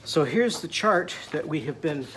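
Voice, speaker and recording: A man's voice: a little high, expressive, moderate pace, fairly bright tone, slight background noise. A man teaching a children's phonics lesson in a playful, sing-song way, leading the listeners in call-and-response chants. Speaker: literacy teacher.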